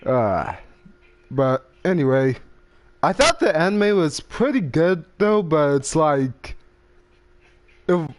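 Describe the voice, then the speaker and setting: Young male host, casual game chat, unhurried and meandering. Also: fairly high pitch, sing-song. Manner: slow, rambling, trails off while browsing menus. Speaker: gaming channel host. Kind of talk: casual gaming podcast chat.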